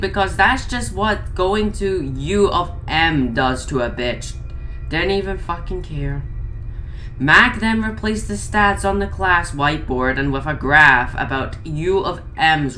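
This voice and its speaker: A woman's voice: low voice, pushed and bright, a little hiss or hum, poor audio. A woman reading a crude comedic story aloud, with sarcastic, profane asides. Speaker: creepypasta reader.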